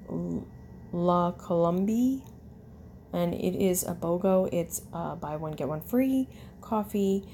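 Slow, tired woman reading coupons. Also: lowish voice, mellow, slight background noise. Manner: slow, tired reading with fillers and self-corrections. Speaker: vlogger. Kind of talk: casual chat reading a coupon list.

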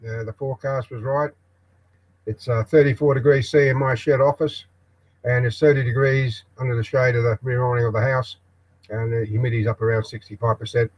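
Older Australian man, host of a homemade live broadcast; mid-pitched, halting, talks off the cuff with lots of ums and restarts. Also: fairly even intonation, low-quality recording. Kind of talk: rambling live broadcast monologue. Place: backyard shed office.

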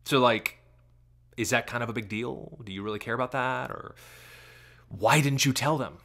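A man giving commentary on a clip, asking sarcastic rapid-fire questions. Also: medium pitch, a bit bright.

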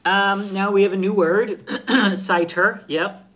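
Man, live stream host, casual chat, stammering, unhurried. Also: sits high, steady tone, fairly bright tone. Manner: stammering, repeating words.

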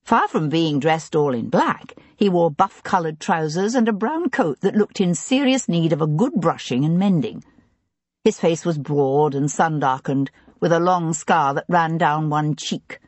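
A woman narrating an audiobook in a steady, even way. Her voice is low and a little husky. It sits close and dry on the mic. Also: measured pace, no room sound.

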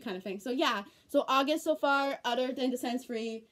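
A teenage girl vlogs casually at home in a fairly high voice at a normal speed. Her talk is rambling and repetitive but earnest, and she's tearful, right on the edge of crying.

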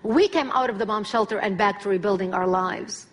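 A woman's voice: medium pitch, fairly quick. A woman, giving a public speech as an emphatic personal testimony. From Lebanon. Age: 40s. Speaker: speaker.

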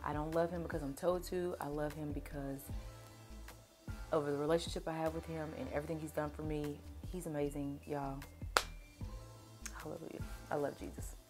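A young woman with a Southern country accent, chatting casually to camera in a Q&A beauty vlog, devout and animated. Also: deep voice, normal speed, long pauses, over music. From Kentucky, USA. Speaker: beauty vlogger.

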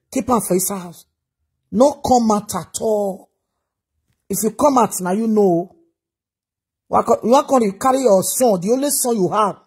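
A woman's voice: medium pitch, darkish tone, breathy edge. A Nigerian woman giving a reaction vlog, lecturing in a preachy way and repeating her advice over and over. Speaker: commentator.

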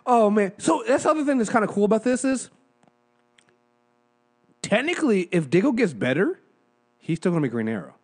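Podcast co-host, male, lively pitch, slangy casual delivery with frequent laughs. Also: a little fast, pauses often. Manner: animated, slangy, laughs often. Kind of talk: casual review chat.

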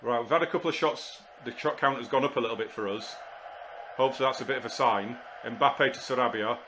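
A man commentating live on his football management game, exasperated and muttering to himself, with sudden shouts when goals go in. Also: medium pitch, fast, a little hiss or hum. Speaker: gaming YouTuber.

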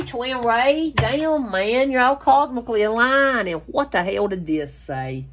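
A woman's voice: on the high side, expressive, unhurried, few pauses, a bit bright, a little hiss or hum. A woman giving a casual tarot reading, talking emphatically in a rambling way and swearing freely. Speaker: tarot reader.

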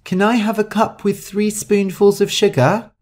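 A man voicing a shy, nervous young woman photographer with a high-pitched voice in a storybook reading. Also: flat delivery, moderate pace, darkish tone, close to an everyday voice.

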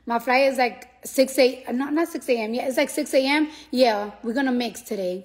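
A woman's voice: on the high side, a little fast, hardly any pauses. Tired, profane woman on a live stream. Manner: profane, rambling, repeats herself. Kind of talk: casual rambling live stream.

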